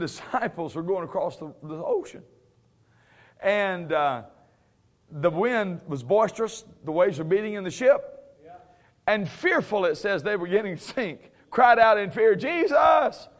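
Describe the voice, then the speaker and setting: A man with a high voice teaches scripture in a relaxed, conversational way. He chuckles often and uses playful sarcasm, then drives each point home with firm emphasis. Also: moderate pace. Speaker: preacher.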